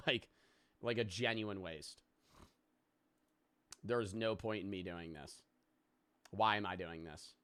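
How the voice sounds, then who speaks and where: A man's voice: on the low side, takes it slowly, pauses often, fairly bright tone, clean tone, no echo. A young adult man chatting casually on a live stream, rambling and joking, swearing freely and thanking viewers for subs.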